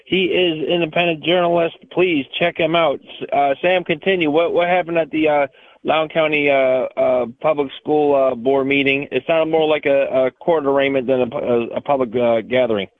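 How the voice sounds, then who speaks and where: A man hosting a talk radio show, introducing a guest in a halting way with many fillers. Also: a little high, steady tone, narrow, tinny audio. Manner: halting, filler-heavy delivery. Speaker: radio host.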